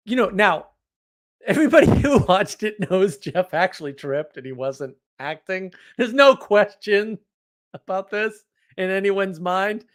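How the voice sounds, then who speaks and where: A man casually telling a story from his week, animated, laughing often and restarting his sentences. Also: high voice, slow pace, long pauses. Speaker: podcast host.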